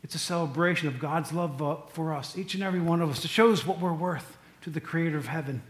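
A man's voice: a little high, fast, reverberant. A man preaching a sermon, telling stories in a loose, conversational way with asides to the congregation. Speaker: pastor.

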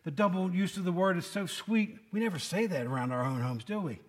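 A man's voice: sits high, brisk. A man preaching a conversational sermon, folksy and quizzing his listeners by name. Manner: folksy, asks the congregation questions by name.

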